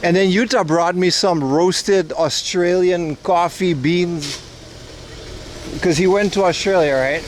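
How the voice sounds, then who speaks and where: Joking streamer man, slightly high voice. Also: slow pace, a little hiss or hum. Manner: joking, loose, talks back to chat. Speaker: livestream host. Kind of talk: rambling casual chat to viewers. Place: outdoors on city streets.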